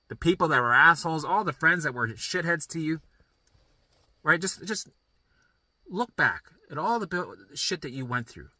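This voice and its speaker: A man's voice: on the high side, sharp tone, dry recording. A man coaching listeners through recovery in a blunt, profane, emphatic motivational monologue.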